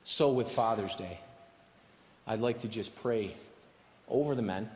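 A man's voice: fairly low pitch, measured pace, darkish tone. A man preaching a sermon as pastor, emphatic and repeating his key phrases. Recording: echoey hall reverb.

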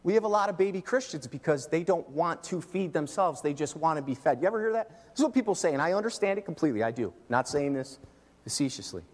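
A middle-aged man preaching a sermon as pastor, emphatic, swinging between loud and soft. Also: on the high side, animated, quick pace, big-room sound. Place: church.

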